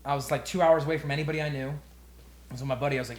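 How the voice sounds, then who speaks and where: A young man co-hosting a podcast and spinning a comedic story. His voice sits in a middle pitch, and he swears freely and laughs as he goes. The delivery is loose and animated. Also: rapid-fire, a little hiss or hum. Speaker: podcast co-host. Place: quiet room.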